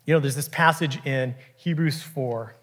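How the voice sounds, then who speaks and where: A man, preaching a sermon in a conversational, animated way with frequent restarts. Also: mid-range voice, moderate pace. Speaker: pastor.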